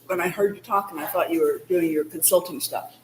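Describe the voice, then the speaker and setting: A woman chatting with a friend in a coffee shop, talking in a chatty, lively way away from the mic. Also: lowish voice, brisk, crowd noise. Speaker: friend dropping by. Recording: distant voice in a roomy crowded café.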